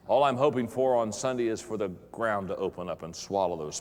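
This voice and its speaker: Lively low-voiced pastor in a hall. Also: male voice, fast, few pauses. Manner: animated, self-mocking storytelling, with repeated words and exclamations. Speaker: pastor and leadership speaker. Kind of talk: humorous live talk to an audience. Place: large hall with an audience.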